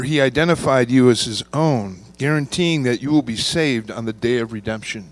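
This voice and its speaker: Slow, measured preaching man. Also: medium pitch, no echo. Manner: measured preaching, slowing to stress key words. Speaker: pastor. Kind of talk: sermon.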